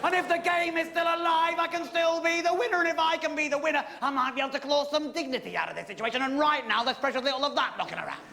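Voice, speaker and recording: A male stand-up comedian telling a story with animated delivery and cheerful swearing. His voice sits high and sounds bright and forceful, and a faint hiss of noise runs underneath it. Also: fast talker, vocal fry, few pauses, in a large hall. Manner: animated, swears, sometimes shouts.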